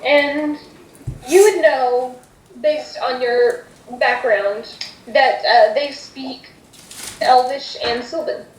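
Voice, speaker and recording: A woman's voice: sits high, slow, roomy sound, far from the mic, a little hiss or hum, rough recording. A woman narrating as game master of a tabletop game, describing scenes in a hesitant manner. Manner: hesitant, full of fillers and restarts.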